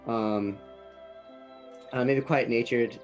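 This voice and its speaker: A man playing a tabletop game, describing his character in a slow, hesitant, low-key way. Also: steady tone, faint music behind. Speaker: player. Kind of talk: casual tabletop chat.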